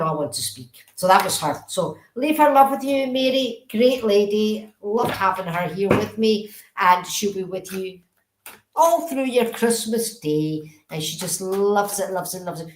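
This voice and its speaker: A woman's voice: medium pitch, echoey room, rough recording. A woman, a medium giving live readings online. She relays spirit messages earnestly and keeps checking in with the sitter. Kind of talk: live-stream psychic reading.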